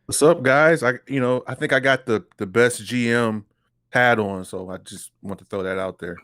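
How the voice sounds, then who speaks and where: A man's voice: mid-range voice, normal speed, fairly bright tone. A man joining a live stream as a guest, joking in a laid-back way over a video call. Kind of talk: casual chat.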